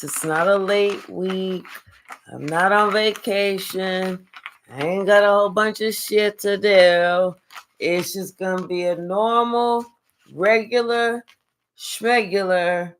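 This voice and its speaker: An older woman hosting a live spiritual reading stream, chatting casually and thanking viewers by name in a relaxed, affectionate way. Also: mid-range voice, takes it slowly, a little hiss or hum.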